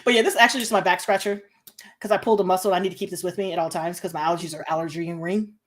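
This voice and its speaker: A woman co-hosting a casual fan discussion of a TV show, animated, laughing often and repeating phrases for emphasis. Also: fairly low pitch, rapid-fire.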